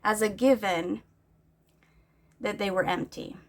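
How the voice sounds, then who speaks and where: A woman's voice: mid-range voice, fairly even intonation, slow. Woman ranting on her vlog, agitated, talks in english. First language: Norwegian. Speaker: vlogger. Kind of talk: casual venting vlog.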